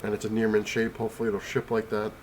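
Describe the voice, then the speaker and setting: Fast and monotone, this lowish male voice comes with a little hiss or hum. The speaker, a comic collector vlogger, is sick and out of breath on his home couch, rambling casually and restarting often amid many fillers.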